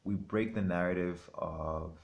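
Deep-voiced man hosting, thoughtful. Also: fairly even intonation, unhurried. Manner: thoughtful, many "um"s, repeats phrases. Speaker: host. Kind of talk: reflective interview talk.

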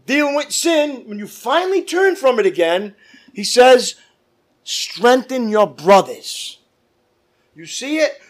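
A man preaching a fervent sermon as pastor, calling out to his congregation. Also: very high voice. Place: church.

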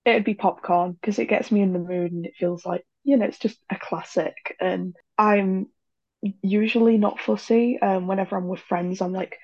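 A woman chats as a podcast guest, giggling and hesitating with plenty of ums. Her voice is husky with a gravelly edge. The recording sounds dull and lo-fi. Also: mid-range voice, steady tone, moderate pace. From Yorkshire, England. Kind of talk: casual chat.

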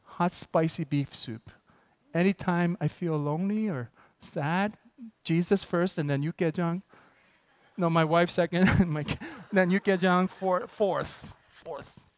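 A man's voice: high voice, a little slow, dry recording. Joking, emphatic preacher man with a raised voice. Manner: conversational and joking, with sudden emphatic bursts. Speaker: pastor. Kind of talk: sermon.

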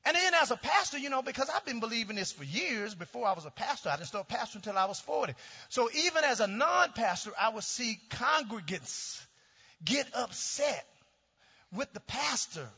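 A middle-aged male pastor preaching a sermon with call-and-response, swinging from shouts down to low, quiet tones. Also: very animated, normal speed, breathy edge. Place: church sanctuary. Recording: dull sound with long hall reverb.

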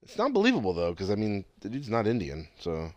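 A man's voice: fairly low pitch, wildly swooping pitch, fast talker, darkish tone, no echo, muffled recording. A young man chatting casually and profanely, rambling with frequent restarts. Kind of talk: casual chat.

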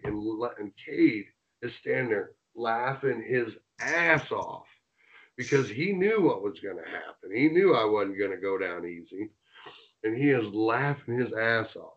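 A man telling a rowdy road story in a casual interview, animated and swearing as he acts out the quotes. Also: medium pitch, moderate pace, highs cut off. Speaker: interview guest, former wrestler.

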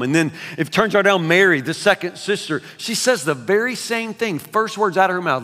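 A man preaching a sermon, swinging between loud emphasis and hushed asides, often repeating words. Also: on the high side, lively intonation, normal speed, few pauses. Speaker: pastor. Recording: long reverb of a large hall.

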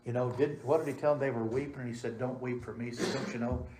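Guy preaching, mid pitch voice, gets loud then goes real quiet, roomy church echo. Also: steady tone, fast, background noise. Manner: swings between loud emphatic and soft hushed delivery. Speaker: pastor. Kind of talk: sermon. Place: church sanctuary.

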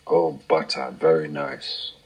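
Deep, husky man joking casually. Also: little pitch movement, slow. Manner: easygoing, teasing. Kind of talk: late-night casual chat.

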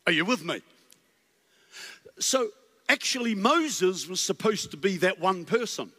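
A man preaching as a guest, animated and full of rhetorical questions and stammered restarts, in a church. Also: high voice, unhurried, husky. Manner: animated, storytelling with acted voices. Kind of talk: sermon. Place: church sanctuary. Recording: long reverb in a large hall.

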